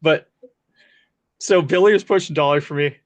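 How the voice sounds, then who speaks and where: A man hosting an interview, telling a lively story from a film set and laughing often as he talks. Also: a little high, normal speed. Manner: animated, laughs often while telling stories. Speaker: podcast host.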